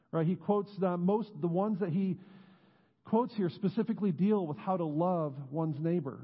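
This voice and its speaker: A man preaching a sermon as pastor, earnest, dropping low and slow on key words. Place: church sanctuary. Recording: muffled sound with long church reverb.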